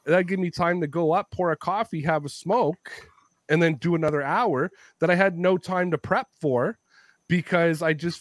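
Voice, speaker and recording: A Canadian man telling profane, animated stories while hosting a casual chat. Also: on the high side, no room sound. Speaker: podcast host.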